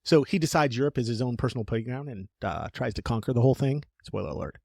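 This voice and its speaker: A man co-hosting a casual podcast, telling history as jokey, animated stories. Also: mid-range voice, fast talker, gravelly, breathy edge, no echo, studio quality. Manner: jokey, animated storytelling with playful put-on voices. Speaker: podcast co-host.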